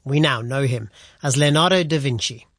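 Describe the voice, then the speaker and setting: A man presenting a radio news programme in a measured, formal way. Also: mid-range voice, a bit bright, dry recording, clean studio sound.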